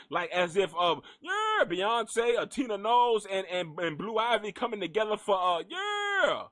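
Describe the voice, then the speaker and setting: A high-voiced man hosts a comedic gossip show, riffing in an animated, profane way. His pitch leaps up and down as he repeats lines for effect. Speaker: host. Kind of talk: comedic celebrity gossip commentary.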